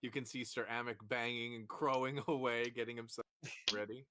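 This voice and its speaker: A man's voice: mid-range voice, steady tone, a little fast, noisy background. A man narrating as game master of a tabletop role-playing session, who also puts on a dwarf hireling in broken speech.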